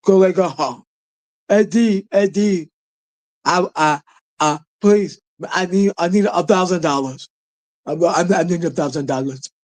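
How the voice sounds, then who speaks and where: A man's voice: sits high, a little slow, darkish tone, dry recording, voice pushed up, low-quality recording. A man mocking a stammering, self-loathing woman. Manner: mumbling, stammering mockery.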